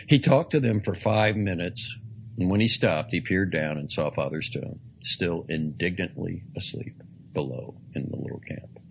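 A man reading a story aloud in a slow, deliberate, dramatic way. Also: sits low, creaky, muffled recording, slight background noise. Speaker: narrator. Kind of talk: audiobook reading.

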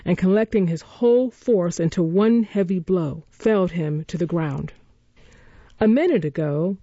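A narrator reading a classic novel in a measured, even storytelling manner, in a dull, dry recording. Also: mid-range voice, dry recording.

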